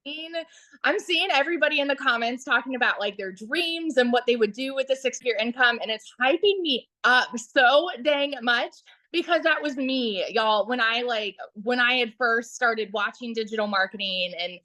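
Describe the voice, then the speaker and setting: Excited chatty woman on a phone mic, pretty high voice, sharp and bright, talks straight to viewers. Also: moderate pace, no echo. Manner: chatty and excited, many "like"s and direct asides to viewers. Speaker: webinar guest sharing her story. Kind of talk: enthusiastic testimonial on a livestream. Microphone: phone held in hand.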